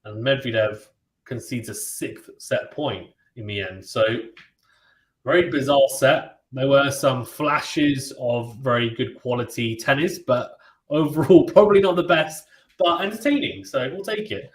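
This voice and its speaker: A man's voice: medium pitch, unhurried. Chatty male play-by-play streamer in a roomy space. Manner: chatty and relaxed, reads out viewer comments and reacts to them. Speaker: host of a live tennis watchalong stream. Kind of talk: live play-by-play commentary mixed with casual chat. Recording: roomy echo.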